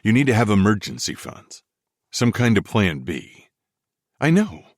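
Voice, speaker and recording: Male audiobook narrator, low and expressive, dry close sound. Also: normal speed, dry recording. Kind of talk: first-person romance audiobook narration.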